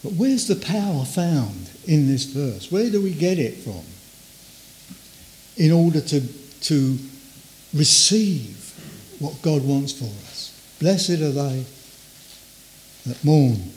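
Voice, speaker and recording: An older man preaching a sermon in a conversational way, acting out inner voices and trailing off softly. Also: on the high side, sing-song, slow, pauses often, slight background noise.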